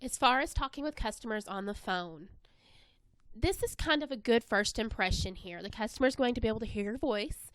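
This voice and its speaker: A woman presenting an instructional webinar in an even, scripted narration. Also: mid-range voice, dry recording.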